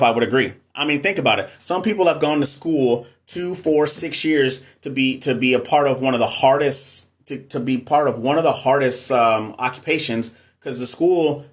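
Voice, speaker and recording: Fielding viewer comments on his live stream, the middle-aged NCLEX coach and nurse talks casually but frankly, with plenty of emphasis, in a medium-pitched voice.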